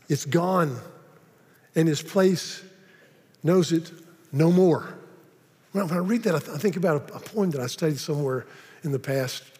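A man preaching a sermon, often repeating words and slowing down dramatically on key phrases. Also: a little high, mellow. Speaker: pastor. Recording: long reverb of a large hall.

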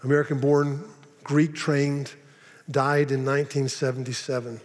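Halting preacher in a reverberant hall. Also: male voice, medium pitch, level tone. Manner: halting, repeats words, dramatic slowdowns. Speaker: pastor. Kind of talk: sermon. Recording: long reverb of a large hall.

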